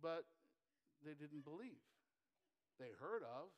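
A man's voice: a little high, expressive, slow, highs cut off. A man preaching a sermon, emphatic, with repeated phrases and questions put to the congregation.

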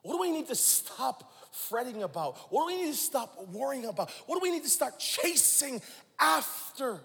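Man in his forties, high and lively preaching voice, long hall reverb, sermon with call-and-response. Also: moderate pace. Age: 40s. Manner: dramatic swings from hushed to shouting, call-and-response with the crowd. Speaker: pastor.

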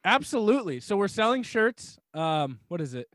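High-voiced man laughing through casual podcast talk. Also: sing-song, moderate pace, a bit bright, no echo, studio quality. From New Hampshire. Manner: laughs often mid-sentence, rambling. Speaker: podcast guest.

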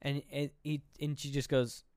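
A young man recapping a horror film for his podcast co-host, telling it scene by scene. He slips into the characters' lines as he goes, in an easygoing, chatty way. His voice is smooth and clear, recorded close and dry. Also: medium pitch, normal speed, dry recording. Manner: animated retelling, acting out characters' lines. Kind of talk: casual movie recap chat.

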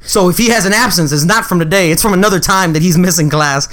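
A man's voice: sits high, quick pace, fairly bright tone. A young man telling a funny story in casual chat, laughing often and acting out what other people said.

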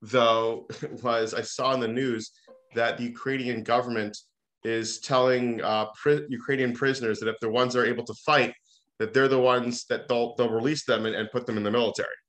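A man hosts a casual family podcast with his mother, and his voice has a bright, forceful edge. He stumbles, repeats words and keeps trying to pull the conversation back on track. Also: mid-range voice, steady tone. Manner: halting, repeats himself, tries to steer the talk. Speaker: host, son.

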